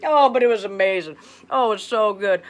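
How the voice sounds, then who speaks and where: A woman's voice: medium pitch, normal speed, lightly acted. A woman playing a brassy, blunt former schoolteacher in an improvised comedy monologue, sassy and rambling. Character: brassy blunt middle-aged female ex-schoolteacher. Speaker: comedic livestream host character.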